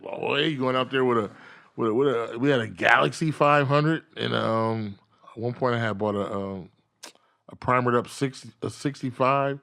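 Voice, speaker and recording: A man, a guest comedian, chatting casually on a podcast and telling animated stories with bursts of loud impressions. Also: medium pitch, moderate pace, vocal fry. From San Diego.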